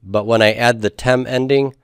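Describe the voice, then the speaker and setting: A man's voice: mid-range voice, fairly even intonation, moderate pace, clear, resonant tone, no echo. Male grammar teacher, patient and methodical, folksy. Mid-range voice, dry close recording. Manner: patient, step-by-step explaining, has the class repeat forms aloud. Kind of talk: classroom lecture.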